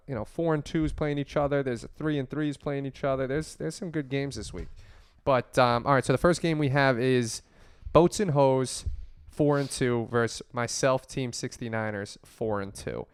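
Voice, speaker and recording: A man's voice: medium pitch, smooth, no room sound, clean studio sound. A man hosting a casual fantasy football podcast, loose and joking, swearing freely. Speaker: podcast host.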